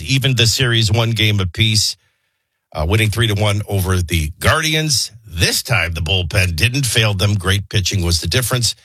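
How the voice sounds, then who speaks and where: Middle-aged male radio host, low husky voice, dry studio sound, opinionated and chatty. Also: fairly bright tone, no echo. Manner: opinionated, conversational, filler-heavy. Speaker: radio morning show host. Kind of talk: talk radio monologue. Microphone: studio microphone.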